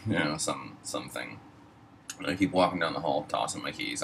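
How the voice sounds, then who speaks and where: Deep-voiced man telling a rambling story. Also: moderate pace, gravelly, bright, forceful tone, far from the mic, slight background noise, rough recording. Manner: profane, rambling, full of fillers. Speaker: storyteller host. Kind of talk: casual spoken storytelling.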